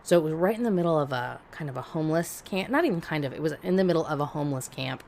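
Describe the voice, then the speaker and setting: A woman with a low voice tells a story on a podcast in blunt, profane casual chat. She is animated and laughs as she goes. A faint background hiss sits under her voice. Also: very fast. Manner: animated, laughs while telling. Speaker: podcast co-host.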